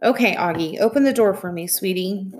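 A woman reading aloud, voicing a gentle mother who speaks softly through her grief. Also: mid-range voice, fairly quick, lightly acted. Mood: sad, gentle. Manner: soft and quiet.

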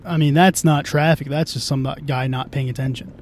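A man's voice: fairly even intonation, moderate pace. A man hosting a casual podcast from a moving car, rambling and swearing, often restarting his sentences. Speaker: podcast host. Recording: faint car rumble.

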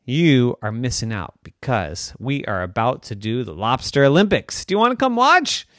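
A man voicing a sly, tricky lobster who coaxes with smooth, salesy talk in a storybook tale. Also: medium pitch, big pitch swings, normal speed, fairly bright tone, dry recording, clean studio sound. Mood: coaxing. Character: sly tricky lobster trying to lure prey.

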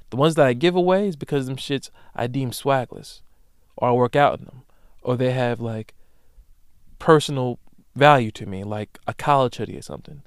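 A young man hosting a solo comedic podcast, ranting emphatically with profanity and loud animated bursts. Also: mid-range voice, smooth, no room sound, studio quality. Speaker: podcast host.

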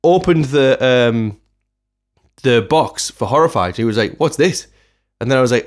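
A man's voice: mid-range voice, normal speed. A man co-hosting a podcast, telling stories in casual chat and laughing mid-sentence. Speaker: podcast co-host.

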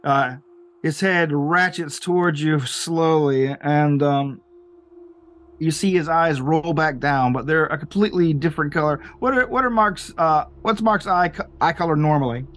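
A man narrating as game master with many pauses and fillers. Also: a little high, fairly bright tone.

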